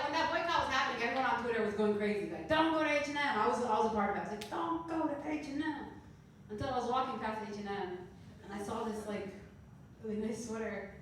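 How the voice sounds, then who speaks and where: A woman's voice: on the high side, slight background noise. A woman of thirty performing a stand-up comedy set on a club stage, playful and laughing at her own jokes. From Canada. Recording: roomy club sound from a distance.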